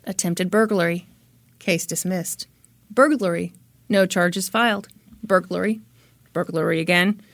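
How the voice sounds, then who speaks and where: A woman's voice: on the low side, measured pace, pauses often, no echo. A woman hosting a podcast, telling a true-crime case in a chatty, dramatic way and swearing freely. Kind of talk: casual storytelling.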